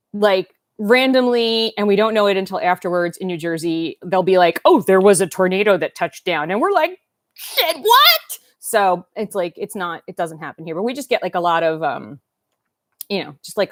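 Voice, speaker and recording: Speaking at a medium pitch, a woman in her 50s runs a casual doll-collecting livestream where she rambles, eats, and reads comments aloud. The sound is studio quality without any echo.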